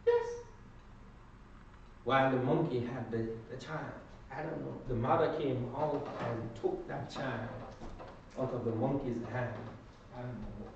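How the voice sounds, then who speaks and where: Slow, emphatic man teaching in an echoey room. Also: medium pitch, vocal fry, a little hiss or hum. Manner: prompts the class to finish his sentences. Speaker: Bible class teacher. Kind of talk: Sunday class teaching. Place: church classroom. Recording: echoey room from far off, dull.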